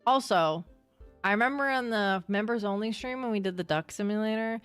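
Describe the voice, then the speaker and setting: A woman's voice: medium pitch, a little fast, clear, resonant tone, no room sound, faint music behind. Chatty young woman streamer, dry sound. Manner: chatty, excitable, swears casually. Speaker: livestreamer. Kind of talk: casual chat with live chat.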